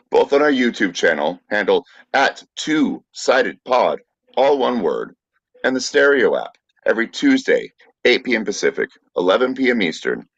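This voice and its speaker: A man's voice: on the low side, a bit bright, dry recording. A man co-hosting a podcast from Brooklyn, with a dry, teasing manner and plenty of fillers. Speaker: podcast co-host. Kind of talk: casual podcast banter and sign-off. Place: Brooklyn, New York. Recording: dry, dull lo-fi sound.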